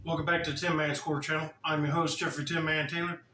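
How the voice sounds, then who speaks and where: A man's voice: a little high, level tone, fast, noisy background. A man hosting his own channel, giving casual reaction commentary and talking straight to his viewers in a chatty way. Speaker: host reacting to a video.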